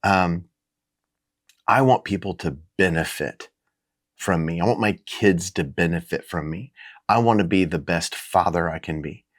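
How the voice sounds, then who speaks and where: A middle-aged man giving a casual, reflective faith talk, earnest and halting, with frequent restarts and fillers. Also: low voice, no echo, studio quality. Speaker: Christian minister.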